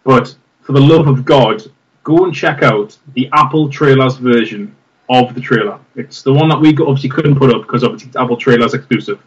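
A man's voice: mid-range voice, brisk. Rambling man, muffled and distant. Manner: enthusiastic, rambling with fillers. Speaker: podcast co-host. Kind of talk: casual film chat.

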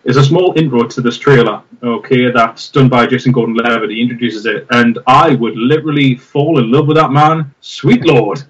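A man's voice: mid-range voice, steady tone, moderate pace, few pauses, distant mic, poor audio. A man co-hosting a casual film chat, enthusiastic and rambling with many fillers. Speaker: podcast co-host.

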